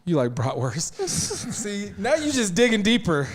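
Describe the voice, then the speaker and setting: A man hosting a casual sports talk show in a studio, animated and quick to laugh. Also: high-pitched, crowd noise.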